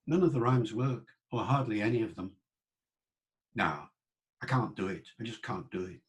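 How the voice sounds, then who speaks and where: A male lecturer giving an online talk, explaining patiently and sounding out words slowly to demonstrate them. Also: medium pitch, animated. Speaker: lecturer on the English language.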